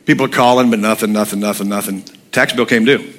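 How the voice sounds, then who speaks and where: A man's voice: fairly low pitch, steady tone, fast. A man preaching a sermon, telling humorous stories and speaking bluntly and with animation. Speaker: pastor.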